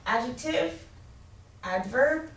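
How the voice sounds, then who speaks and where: A woman teaching an English grammar lesson, explaining slowly and clearly and spelling out letters. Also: high voice, expressive, a bit bright. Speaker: ESL teacher. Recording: roomy, distant mic with faint ambience.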